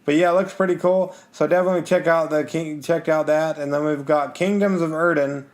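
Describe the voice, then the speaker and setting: A man co-hosting a casual game podcast, easygoing, reading out funding details and gently correcting his co-host. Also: a little high, fairly even intonation, a little fast. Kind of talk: casual chat previewing crowdfunded games.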